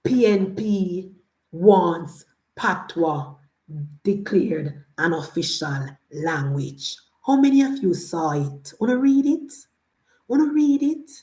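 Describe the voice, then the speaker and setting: A woman's voice: fairly low pitch, lively intonation, slow, dark tone, roomy sound. A Jamaican woman giving opinionated political commentary, indignant, firing off rhetorical questions and slipping into Patois.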